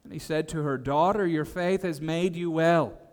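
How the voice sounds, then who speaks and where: A man's voice: a little high, moderate pace, in a large hall. A man preaching an expository sermon, stammering on restarts and building to emphatic points. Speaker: pastor.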